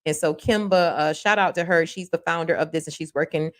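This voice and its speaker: This woman hosts a local news livestream run as a casual talk show, speaking low-pitched and brisk. She's chatty and folksy, laughing often while giving shout-outs to her viewers.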